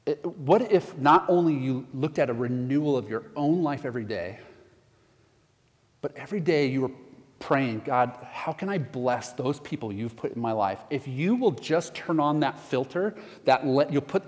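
A middle-aged man preaching a sermon as pastor, telling stories in a conversational way and easing into soft prayer. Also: mid-range voice. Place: church sanctuary. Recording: long reverb of a church hall.

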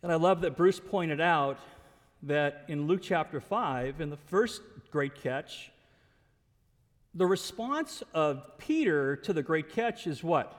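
A man preaching a sermon in an animated way, acting out characters and chuckling often. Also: a little high, takes it slowly, in a large hall.

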